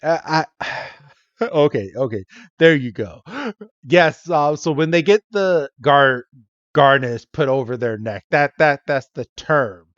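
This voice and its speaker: A man's voice: fairly high pitch, animated, slow pace, fairly bright tone, dry recording, dull audio. A man co-hosting a podcast, casually recapping a cartoon episode, laughing often and acting out quoted lines. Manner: laughs often, retells scenes in quoted voices. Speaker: podcast co-host.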